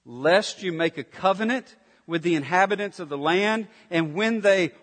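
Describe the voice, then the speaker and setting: High-voiced preacher in a reverberant hall. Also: male voice, animated, normal speed. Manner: emphatic, swings between intense near-whispers and forceful declarations. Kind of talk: sermon.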